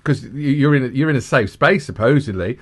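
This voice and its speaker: A man co-hosting a podcast in casual chat, animated and teasing, often repeating words as he talks. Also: mid-range voice, quick pace. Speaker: podcast co-host.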